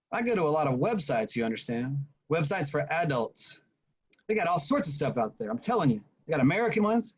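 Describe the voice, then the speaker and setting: A man's voice: sits high, husky, full character voice, rough recording. A man reading aloud as an uneasy married man in his late forties, blunt and rambling at confession. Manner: rambling, blunt, repeating himself.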